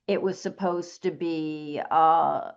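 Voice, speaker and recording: A woman's voice: low-pitched, fairly even intonation, takes it slowly, gravelly, clean tone. A woman audiobook narrator in a panel discussion, talking in an emphatic, opinionated way. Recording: dull lo-fi recording.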